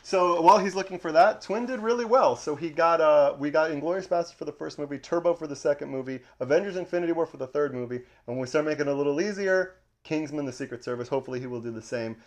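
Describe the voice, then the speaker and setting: A man co-hosting a casual podcast, running a movie trivia game with lively banter and frequent laughter. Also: on the high side, fast, few pauses. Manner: animated, laughs often, calls his co-host "Twin". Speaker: podcast co-host.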